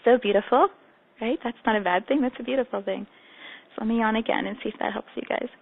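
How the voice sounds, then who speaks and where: Woman meditation guide, gentle and affirming, slightly gravelly, tinny phone-line audio. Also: a little high, fast talker. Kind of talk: guided meditation on a group call.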